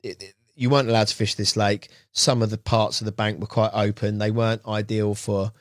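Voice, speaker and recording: Male guest, casual storyteller, low pitch, dry close sound. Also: flat delivery, a little fast, dry recording. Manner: rambling, chatty, often slips into quoting others. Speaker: guest angler.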